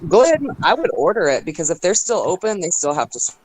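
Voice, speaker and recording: A woman's voice: lowish voice, big pitch swings, quick pace. A woman in a casual group voice chat, brash and sassy, swearing freely. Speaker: voice chat participant.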